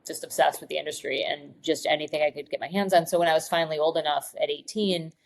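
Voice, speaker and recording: On a rough-sounding recording, a woman from Michigan who writes screenplays chats as a podcast guest, acting out the voices in her stories. Her voice is low-pitched and creaky, fast-paced, with fairly even intonation, and the conversation is a casual interview.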